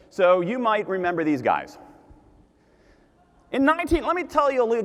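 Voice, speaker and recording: Man, keynote speaker, animated and emphatic, lively pitch, big hall reverb. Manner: animated, emphatic, repeats key points. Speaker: conference speaker. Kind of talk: keynote talk to a live audience. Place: large conference hall.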